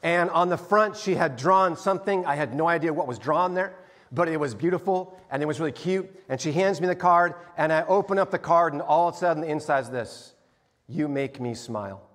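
A middle-aged man preaching from the pulpit in a high, light voice. He tells stories in a sermon style and grows animated when he acts out scenes. His voice rings with the long reverb of a large church hall. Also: brisk. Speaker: pastor. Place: church sanctuary.

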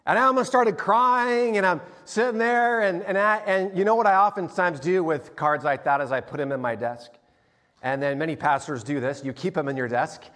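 Middle-aged pastor guy, kinda high voice, storytelling sermon, big echoey church hall. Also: moderate pace. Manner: storytelling, animated when acting out scenes. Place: church sanctuary. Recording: long hall reverb.

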